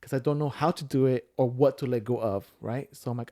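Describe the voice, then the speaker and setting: A man with a warm, mid-range voice, talking a little fast, tells a personal story as a podcast guest in casual chat. He rambles, with lots of fillers and restarts.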